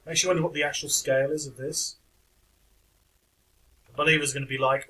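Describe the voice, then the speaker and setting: A man's voice: on the high side, fairly even intonation, a little fast, pauses often, sharp tone, low-quality recording. A man giving casual reaction commentary on videos in a dry, wry, skeptical manner, with the odd chuckle.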